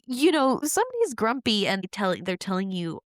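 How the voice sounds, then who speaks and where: A woman with a lively, swooping voice who speaks with warm enthusiasm and encouragement as a chaplain in casual conversation. She swears casually, and the recording is dry and close. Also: medium pitch, moderate pace, no room sound. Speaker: chaplain, podcast co-host.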